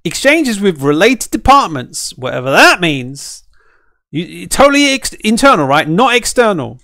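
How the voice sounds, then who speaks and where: A man's voice: high-pitched, normal speed. A man, a game streamer and caster, ranting in casual chat and often tossing in "right?" to check with his viewers. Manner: animated, ranting, keeps asking "right?".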